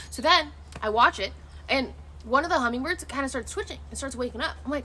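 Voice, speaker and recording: A young woman chatting to her stream from outdoors, her voice sitting a little high. She rambles and restarts her sentences, swearing casually as she goes. Faint outdoor ambience hangs behind her. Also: fast talker, a little hiss or hum. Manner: rambling and animated, with many restarts; loose, swearing freely. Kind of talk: casual chat.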